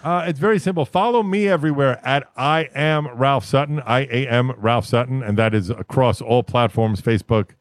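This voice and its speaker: A laid-back man chatting on a podcast, cursing easily as he tells stories. His voice sits in an ordinary middle pitch. The sound is close and dry, with no room around it. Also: moderate pace, hardly any pauses, dry recording. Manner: laid-back, swears often, name-drops. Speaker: podcast host. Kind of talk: casual podcast chat.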